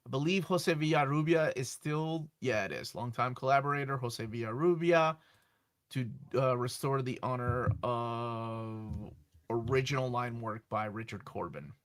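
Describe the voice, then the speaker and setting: A man hosting a casual talk show about comic books, speaking with enthusiasm and breaking into excited exclamations. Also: mid-range voice, measured pace. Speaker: show host.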